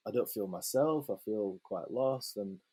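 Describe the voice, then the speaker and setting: A man, a photographer guest telling a lively, sweary anecdote in a casual interview and acting out the quotes. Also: lowish voice, measured pace, slightly rough.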